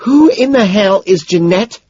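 A high, shrill young woman hisses and shrieks her anger through the phone, put on by a male audiobook reader. Her voice leaps and swoops wildly, with a husky grain. The recording is dry and a little dull. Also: lively intonation, measured pace, dark tone, no echo, exaggerated voice. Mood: shrill, furious. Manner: hissing, screaming.

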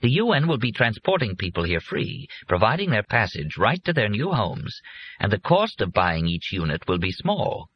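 A man voicing a calm, confident older businessman who explains his land deal to his son in a persuasive, matter-of-fact way. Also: lowish voice, normal speed, slightly rough, voice pushed up. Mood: informative. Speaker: father. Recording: muffled lo-fi recording.

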